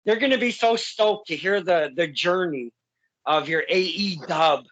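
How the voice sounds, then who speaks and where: A man's voice: high-pitched, measured pace, fairly bright tone, low-quality recording. A man hosting a casual interview, effusive and heartfelt, rambling with many restarts. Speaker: podcast host.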